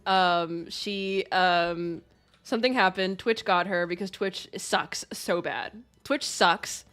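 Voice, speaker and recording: During casual livestream chat, a young female host repeatedly and effusively thanks her donors, laughing frequently. She speaks slowly, with a fairly low pitch and a fairly bright tone, over faint background music.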